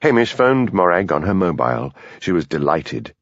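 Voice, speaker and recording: A man narrating an audiobook in a measured, expressive reading. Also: deep voice, no room sound. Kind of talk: scripted narration. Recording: dull lo-fi dry studio recording.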